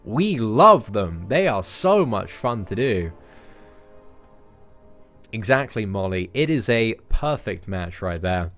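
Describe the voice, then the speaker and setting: A man's voice: fairly low pitch, very animated, takes it slowly, a bit bright, faint music behind. A young English man streaming a mobile game, chatting casually and answering viewers' questions. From England. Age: young adult. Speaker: game streamer reading chat. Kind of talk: casual livestream chat.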